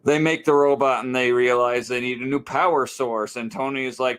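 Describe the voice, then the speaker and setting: A man co-hosting a podcast, giving a sarcastic, deadpan episode recap with mocking quoted voices. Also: medium pitch, brisk, hardly any pauses, clear, resonant tone. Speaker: podcast co-host.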